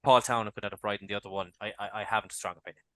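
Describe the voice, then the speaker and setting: A man on a racing podcast panel, talking betting angles in a quick, chatty way with many fillers and restarts. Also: on the low side, steady tone, a bit bright, no room sound. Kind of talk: casual betting chat.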